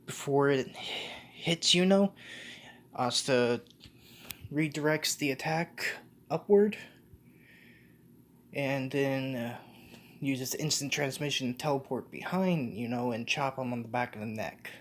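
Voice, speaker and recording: A man's voice: mid-range voice, takes it slowly, pauses often. A man casually retelling a fan-made story off the cuff, full of restarts and self-corrections. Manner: casual, slangy.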